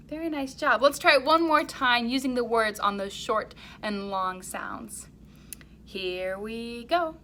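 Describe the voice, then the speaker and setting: With plenty of warm encouragement, a woman teaches little kids music, guiding them through chants and songs and joining in herself, slow and clear. Her voice is on the high side, over slight background noise.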